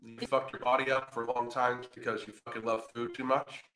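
A combative male host ranting profanely, with sarcasm in nearly every line. His voice is bright and forceful, and the room around him is echoey. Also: mid-range voice, little pitch movement, fairly quick, a little hiss or hum. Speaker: podcast host. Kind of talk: ranting reaction commentary.

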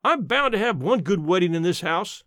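A man takes on the role of a blunt old countrywoman aunt with a sharp tongue, her plain country speech dry and matter-of-fact in a story reading. The voice sits high and expressive at normal speed, recorded dry.

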